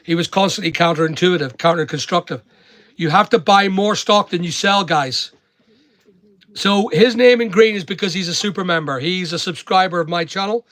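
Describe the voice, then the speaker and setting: Northern irish guy, middle-aged, high voice, chatting on a live stream and giving blunt money advice. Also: normal speed, a bit bright, no echo. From Northern Ireland. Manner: blunt, preachy advice with British slang. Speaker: online seller and livestream host. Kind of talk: casual livestream chat, reading and answering comments.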